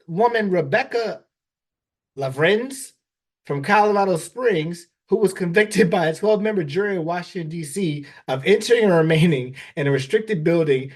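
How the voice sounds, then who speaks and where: A man co-hosting a podcast, animated and joking, often laughing as he talks. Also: sits high. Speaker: podcast co-host. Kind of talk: casual podcast chat.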